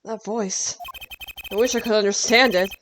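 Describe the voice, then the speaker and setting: A woman's voice: medium pitch, fairly even intonation, moderate pace, a little hiss or hum. A young woman hosting a game stream, reacting with laughs and swearing in casual commentary. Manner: giggly, swears, reacts loudly. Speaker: streamer host. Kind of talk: casual let's-play commentary.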